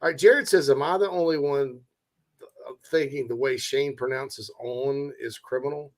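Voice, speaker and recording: A man's voice: medium pitch, fairly even intonation, normal speed. A man from South Carolina hosting a casual sports talk show, joking and reading out audience comments. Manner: joking, chatty, reads out audience questions.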